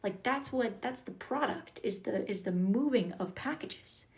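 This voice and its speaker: A woman's voice: a little high, expressive, a little slow, poor audio. A woman chatting casually on a live stream, stressed and blunt, rambling and swearing as she reads comments. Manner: repeats herself, restarts sentences. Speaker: TikTok live streamer, wood-burning artist.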